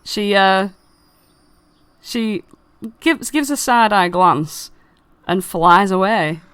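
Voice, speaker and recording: A woman's voice: mid-range voice, lively intonation, very slow, a bit bright, clean tone. A woman narrating as dungeon master of a tabletop game, loose and giggly with many fillers.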